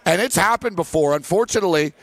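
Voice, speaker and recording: A high-pitched man hosts a sports betting talk show, telling a story with animated energy and plenty of "uh" and "like." The sound is dry and close, with no room around it. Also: quick pace, no echo. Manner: animated storyteller, many fillers. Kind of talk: casual chat.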